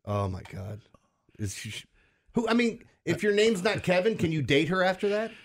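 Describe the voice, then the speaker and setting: A man with a somewhat high voice co-hosts a morning radio show. He retells strange news with incredulous, laughing energy. His delivery is loose and conversational. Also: moderate pace. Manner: incredulous, laughing, animated storytelling. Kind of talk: casual morning radio banter.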